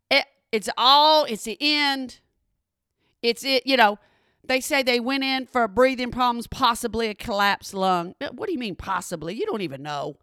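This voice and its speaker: A middle-aged woman telling a personal story to her followers in a dramatic, animated way, speaking straight to the audience. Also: fairly high pitch, clear, resonant tone, dry recording, studio quality.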